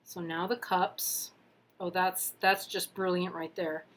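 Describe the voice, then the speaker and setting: Casual female tarot reader, relaxed and leisurely, talking through each step with playful asides. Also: on the low side, slow pace. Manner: chatty, thinks aloud, playful asides. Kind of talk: casual explanatory card reading. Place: at a table with camera.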